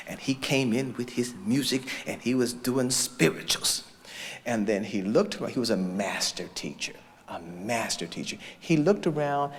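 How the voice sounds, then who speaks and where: A man giving a storytelling lecture as a choral conductor, acting out the voices of people he quotes. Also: mid-range voice. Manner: animated storyteller who acts out quoted voices. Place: large lecture hall or church indoors. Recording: long reverb of a large hall.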